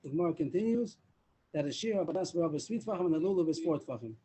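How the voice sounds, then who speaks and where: A man teaches a daily Talmud class over a video call, explaining step by step and mixing in Hebrew and Aramaic terms. His voice is a little high, animated, and very fast, and the poor audio picks up a crowd in the background.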